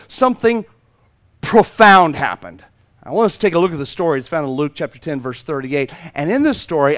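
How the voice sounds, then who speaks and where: A man preaching a sermon with a high, lively voice that swings up and down a lot. He is animated and playful, acts out the voices in a story and repeats words for emphasis. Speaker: pastor.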